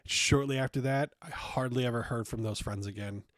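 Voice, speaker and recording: A man's voice: medium pitch, fairly quick, a bit bright, no echo, clean studio sound. A young man hosting a podcast, telling a personal story in a blunt, profane way and acting out the dialogue. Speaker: podcast host. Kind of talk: casual storytelling monologue.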